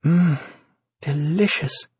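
Give me a man reading an earnest young woman for an audiobook, breathy and high. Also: big pitch swings, normal speed, darkish tone, no echo, full character voice. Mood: eager.

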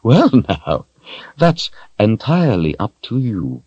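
A man's voice: fairly low pitch, wildly swooping pitch, takes it slowly, darkish tone, slightly rough, no room sound, highs cut off, pitched above the performer's own voice, heavily acted. A man voicing a cold, smug, menacing male sorcerer who speaks in a silky, mocking way.

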